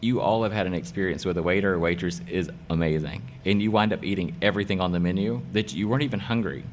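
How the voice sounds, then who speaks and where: A man's voice: low voice, fast talker, slight background noise. A middle-aged man, a hairdresser and salon owner being interviewed, who talks with enthusiasm and hammers points home by repeating them. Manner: enthusiastic, emphatic, repeats key phrases. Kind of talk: casual interview talk.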